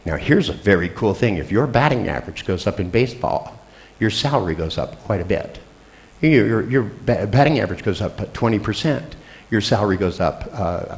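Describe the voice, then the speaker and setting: An older man giving a seminar talk, telling animated anecdotes to his audience with blunt swearing. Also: fairly low pitch. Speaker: seminar speaker. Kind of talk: storytelling talk to a live audience.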